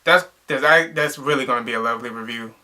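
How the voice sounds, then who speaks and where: A man's voice: medium pitch, quick pace, sharp tone. A young man casually reviewing a movie, rambling and exasperated, with lots of filler words.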